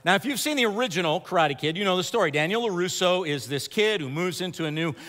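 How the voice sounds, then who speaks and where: A man preaching a sermon to an audience in a large chapel, moving from animated storytelling to quiet, earnest appeals. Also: high voice, fast. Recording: long reverb of a large hall.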